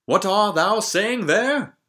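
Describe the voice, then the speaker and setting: A man's voice: high-pitched, lively intonation, slow, sharp tone, pitched above the performer's own voice, full character voice. A man voicing a young prince who keeps asking puzzled questions in old-fashioned speech.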